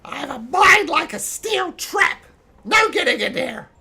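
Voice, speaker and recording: A man voicing a little male goblin prisoner who shouts his innocence in a high, shrill, defiant voice. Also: sing-song, a little slow, vocal fry, exaggerated voice. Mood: scornful.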